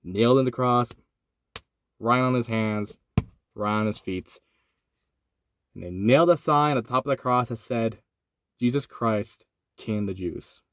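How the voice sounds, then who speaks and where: A young man recording in his van, casually retelling a Bible story, swinging from excited to hushed and solemn. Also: medium pitch, measured pace, pauses often. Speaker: host. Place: inside a van.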